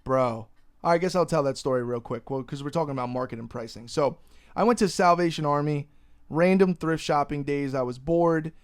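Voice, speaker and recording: A man's voice: on the high side, moderate pace. A young man hosting a casual podcast, ranting animatedly and swearing freely. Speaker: podcast host.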